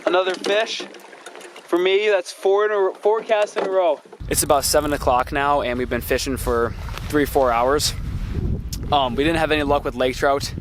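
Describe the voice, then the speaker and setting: A young man talking casually and excitedly while fishing from a boat on a lake, often exclaiming and swearing. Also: a little high, moderate pace, background noise. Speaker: vlogger. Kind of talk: casual outdoor fishing vlog. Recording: loud music under the voice.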